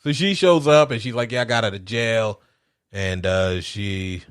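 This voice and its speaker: A man co-hosting a casual movie review podcast, talking in an animated, profane way and acting out scenes with laughter. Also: on the low side, unhurried, smooth. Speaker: podcast co-host reviewing a film. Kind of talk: casual chat.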